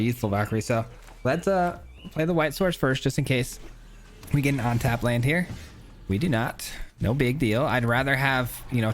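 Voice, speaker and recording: A man's voice: mid-range voice, slight background noise. Chatty man commentating his gameplay. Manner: chatty, thinks aloud, frequent filler words. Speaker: gaming YouTuber.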